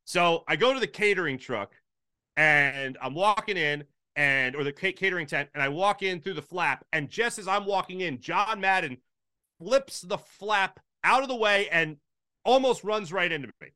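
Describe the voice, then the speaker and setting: A man from Philadelphia spins a backstage sports story with a bright, forceful voice that sits a little high for a man. He jumps up in pitch whenever he acts out someone else's lines. The room is dry, with the mic close. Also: expressive, moderate pace, clear, resonant tone, dry recording. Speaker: podcast guest, sports broadcaster. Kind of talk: casual storytelling chat.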